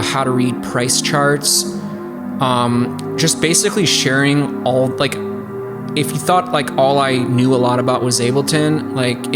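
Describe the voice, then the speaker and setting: A man hosting a laid-back music production hangout, drifting off on tangents and filling his talk with fillers. His voice sits at a middle pitch. Loud music plays under everything he says. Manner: rambling, lots of fillers and asides. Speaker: host.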